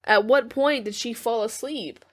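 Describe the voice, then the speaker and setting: Female podcast co-host, slightly high-pitched, chatty and questioning in casual talk. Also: unhurried, a bit bright. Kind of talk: casual movie discussion.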